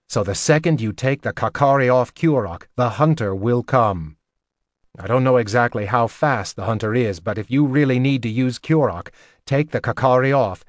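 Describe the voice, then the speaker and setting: A gruff old assassin mentor lays out his warnings, voiced by a man, dry and measured with a middling pitch. The sound is close and dead, with no reverb. He gives orders with calm authority. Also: lightly acted.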